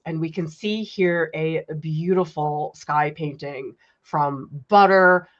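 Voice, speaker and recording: A woman art teacher hosting a casual livestream, gushing with excited exclamations. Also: on the low side, dull audio.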